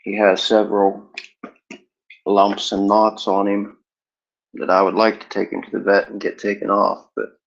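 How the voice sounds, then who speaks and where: A man casually vlogging at home, rambling in a relaxed way about his dog. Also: unhurried, vocal fry, pauses often. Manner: sing-song, playful chanting with big pitch jumps; talks to his dog in a coaxing voice. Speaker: cannabis vlogger. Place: home room. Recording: dull lo-fi home recording.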